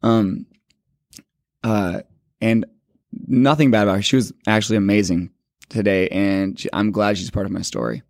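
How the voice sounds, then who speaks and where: A lowish, creaky, darkish voice with a steady tone belongs to a man of twenty, recorded in echo-free studio quality. Telling his faith testimony casually, he rambles, uses "like" heavily and corrects himself quickly along the way.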